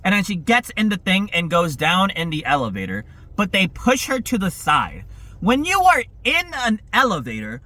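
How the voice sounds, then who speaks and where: High, lively man ranting about a movie. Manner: profane, animated, exasperated. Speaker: movie reviewer. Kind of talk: casual ranting review.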